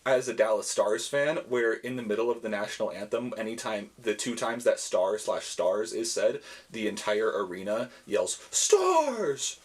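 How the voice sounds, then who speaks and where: A man's voice: on the low side, steady tone, normal speed. A laid-back man co-hosting a casual podcast chat, often answering with brief agreeing replies. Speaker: podcast co-host.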